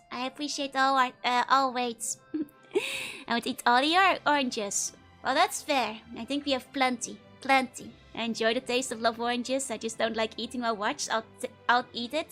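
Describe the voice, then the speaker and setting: Soft music plays behind this young Dutch woman, a VTuber with a high voice, as she casually chats and reads messages from viewers. Constant laughter and playful teasing run through her stream.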